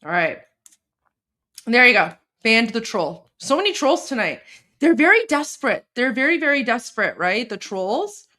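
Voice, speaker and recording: A woman with an Iranian accent hosts a livestream, casually commenting on clips in a fairly high, bright, pushed voice with big pitch swings at a moderate pace. She rambles, repeats herself, and keeps asking "right?".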